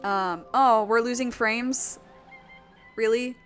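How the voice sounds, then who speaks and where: A woman streaming a video game, chatting casually, excitable and cursing when things go wrong. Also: a little high, takes it slowly. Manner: excitable, swears when frustrated. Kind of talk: casual live-stream commentary. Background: game music.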